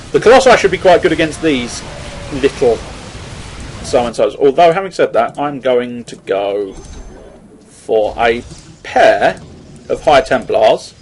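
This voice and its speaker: A man's voice: mid-range voice, slight background noise, low-quality recording. A man giving casual, rambling commentary on a strategy game, swearing often and joking at his own expense. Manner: rambling, swearing, self-mocking. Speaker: gameplay commentator.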